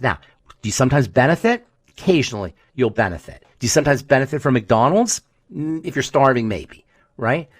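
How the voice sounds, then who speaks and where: A man co-hosting a casual health podcast, animated and fond of rhetorical questions and stories. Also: medium pitch, no room sound. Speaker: podcast co-host.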